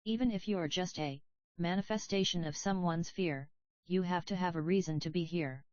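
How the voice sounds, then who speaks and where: A woman's voice: on the low side, moderate pace, darkish tone, highs cut off, lightly acted. Woman reading as an earnest cubehead heroine. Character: soft-spoken blue cubehead heroine, young woman, earnest.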